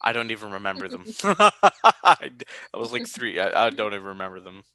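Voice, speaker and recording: Young man, podcast host, bright forceful voice, animated storytelling, dry close sound. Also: moderate pace, no echo. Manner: animated storytelling, high-pitched quoted voices. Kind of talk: casual podcast chat.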